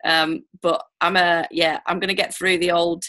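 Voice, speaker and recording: A woman in her thirties with a northern English accent, hosting a casual remote podcast interview, chatty and quick with asides. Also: fairly low pitch, flat delivery, a bit bright. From northern England. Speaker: podcast host.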